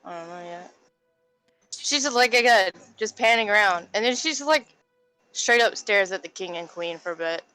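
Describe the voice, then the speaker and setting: Woman playing dnd, smooth clear bright voice, narrating her character. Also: mid-range voice, expressive, moderate pace, faint music behind, rough recording. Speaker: player. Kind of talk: tabletop role-play.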